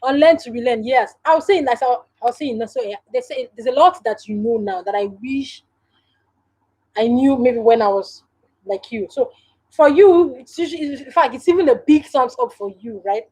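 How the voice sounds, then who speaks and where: Chatting straight to her viewers from home, a woman with a Nigerian English accent laughs often during a casual live stream. Her voice is on the high side, a little mellow and husky, at normal speed, and the recording is rough.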